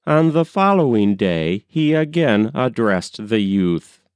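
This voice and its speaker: Slow, expressive male storyteller. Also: on the low side, clean tone, no room sound. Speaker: audiobook narrator. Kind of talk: reading a story aloud.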